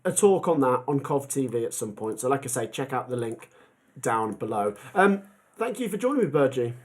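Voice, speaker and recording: A man's voice: mid-range voice, sing-song, a little fast. A young man hosting a football fan livestream, chatting casually and reading out viewer comments with plenty of ums. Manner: chatty, rambling, many ums. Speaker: football fan channel host.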